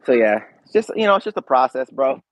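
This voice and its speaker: A man's voice: mid-range voice, big pitch swings, fast, low-quality recording. Laid-back slangy man chatting. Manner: laid-back, slangy, talks straight to viewers. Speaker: YouTube reaction channel host. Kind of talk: casual livestream chat.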